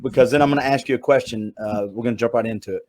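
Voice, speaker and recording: A fast, loose-talking man with a strong Southern accent hosts a casual chat and jokes as he goes. His voice is mid-pitched. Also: a little mellow, slight background noise. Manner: fast, loose, joking talker. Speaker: podcast host.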